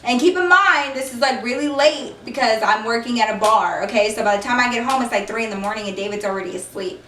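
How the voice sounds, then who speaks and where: Her voice fairly high and fast, a young vlogger delivers a heated, emphatic story, acting it out, shouting the quotes and sprinkling in "like" and "okay?" asides. The recording sounds roomy, with a distant mic and slight background noise.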